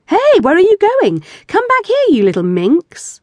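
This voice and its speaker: A woman's voice: mid-range voice, a little slow, darkish tone, dry recording, close to an everyday voice. A woman voicing an eager, impatient husband who exclaims and protests in a raised voice. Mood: pleading.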